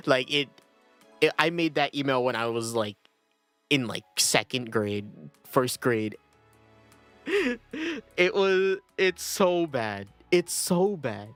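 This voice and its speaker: A man's voice: medium pitch, expressive, takes it slowly, a bit bright, smooth, no room sound, soft background music. A young man chatting casually on a livestream, rambling and self-deprecating, often breaking into laughter. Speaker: streamer.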